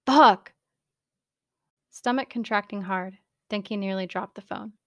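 Lady reading a story out loud, soft and even, dry sound. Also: medium pitch, normal speed, no room sound. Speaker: narrator. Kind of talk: story narration.

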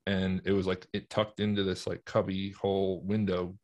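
A man from North Jersey speaks in a deep, low register, with that area's accent coming through in a relaxed podcast conversation. He is easygoing and laughs often. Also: normal speed. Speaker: guest. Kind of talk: casual chat.

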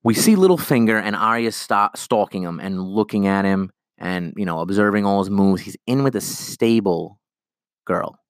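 A man hosts his own podcast alone, talking in a loose, rambling rant and slipping into quick impressions of characters. His voice sits on the low side, and the recording is dry and close with no room sound. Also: dry recording. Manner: animated, rambling, acts out characters' lines. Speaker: podcast host.

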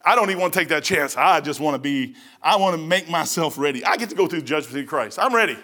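A man pastor preaching a folksy, emphatic sermon that breaks into shouts. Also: a little high, expressive, fast.

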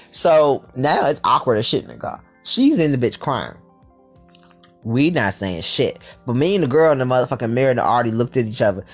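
A man telling a storytime tale in a vlog, animated and full of profanity and slang. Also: medium pitch, a little fast, soft background music.

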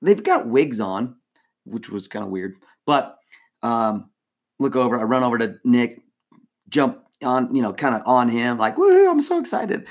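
A man co-hosting a podcast, telling a story in a casual, animated way, laughing often and full of fillers and restarts. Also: mid-range voice, a little slow. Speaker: former team mascot, podcast co-host.

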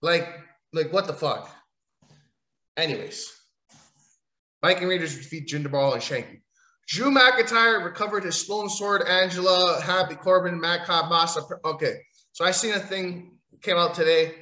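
A man giving a rambling, crude and mocking recap of wrestling, breaking into loud outbursts. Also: sits high, moderate pace, echoey room. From Italian heritage. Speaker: wrestling commentator. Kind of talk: profane casual wrestling recap.

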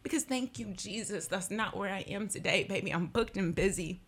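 Husky, impassioned woman in her thirties. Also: medium pitch, moderate pace. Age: 30s. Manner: impassioned, emphatic, repeating phrases for force. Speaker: attorney and interview guest. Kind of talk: emotional radio interview. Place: radio studio.

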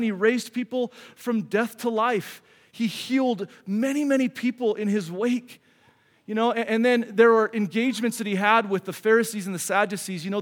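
Earnest and conversational, a middle-aged pastor preaches in a high-pitched voice that trails off into a long reverb. He repeatedly restarts his sentences as he goes.

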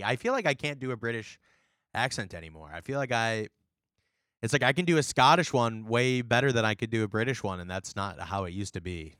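A man's voice: mid-range voice, expressive, a little fast, a bit bright, no room sound, clean studio sound. A man co-hosting a casual podcast over a call, joking and reading an article aloud with playful emphasis. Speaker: podcast co-host. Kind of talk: casual chat. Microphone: remote call mic.

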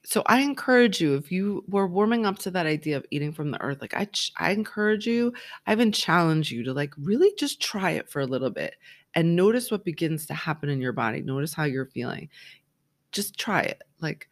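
A woman in her forties hosting a casual solo podcast. She rambles in an animated way, with lots of "like" and "right?". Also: lowish voice, moderate pace. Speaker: podcast host.

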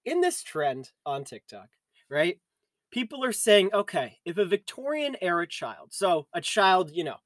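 A man's voice: high voice, sing-song, unhurried, fairly bright tone, no room sound. A man co-hosting a podcast in casual chat, joking and teasing as he steers the topic. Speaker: podcast co-host.

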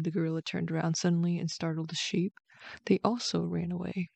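A woman with a slightly gravelly voice reads a bedtime story aloud, gentle and steady. The sound is dry and close, with no room around it. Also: lowish voice, a little fast, dry recording, muffled recording. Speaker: storyteller host.

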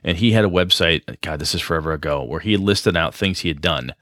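A man's voice: sits low, quick pace, a bit bright, no room sound, studio quality. A man co-hosting a podcast, talking casually and at length about running tabletop games, rambling and self-deprecating. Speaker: podcast co-host, game master. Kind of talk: casual chat.

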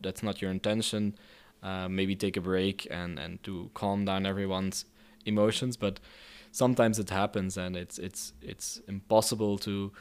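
A man with a clear, smooth, fairly low voice fields an interviewer's questions on conflict mediation. He is thoughtful but hesitant, leaning on fillers and often starting his sentences over.

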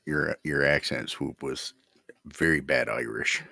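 Very deep gravelly slow-talking man. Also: bright, forceful tone, no echo, studio quality. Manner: laid-back teasing, laughs often. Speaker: friend in group voice chat. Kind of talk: casual chat.

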